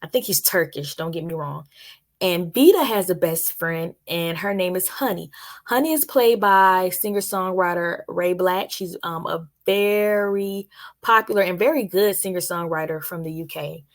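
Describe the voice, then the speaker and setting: A young adult woman with a lowish voice speaks at a normal speed, giving a casual, chatty review of a TV series. She addresses her viewers directly.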